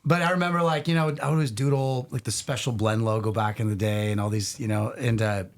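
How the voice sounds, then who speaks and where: A middle-aged man, a podcast guest, telling casual stories in an animated, rambling way full of restarts. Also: medium pitch, quick pace. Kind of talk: casual storytelling.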